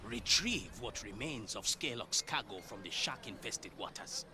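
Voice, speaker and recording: An actor playing a scornful, menacing pirate captain in a game, theatrical and contemptuous. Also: male voice, lively intonation, moderate pace, a crowd in the background, close to an everyday voice. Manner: theatrical, contemptuous, booming insults.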